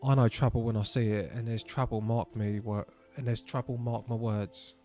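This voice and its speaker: A gruff, suspicious country villager from a fantasy game, with a broad put-on rustic English accent, as a man voices him. He talks loudly and with exaggeration, over faint background music. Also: mid-range voice, flat delivery, moderate pace, close to an everyday voice. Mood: wary.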